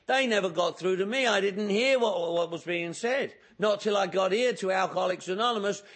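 A man speaking at a recovery meeting, telling his own story with humor and acting out the dialogue. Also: sits high. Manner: lively storyteller who acts out dialogue and jokes about himself. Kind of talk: humorous personal testimony to an audience.

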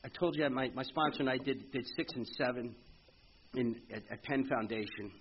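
A middle-aged man speaking earnestly at a recovery meeting, telling his story in a halting way with frequent restarts. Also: mid-range voice, slight background noise. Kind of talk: personal recovery testimony. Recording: muffled lo-fi meeting recording with faint ambience.

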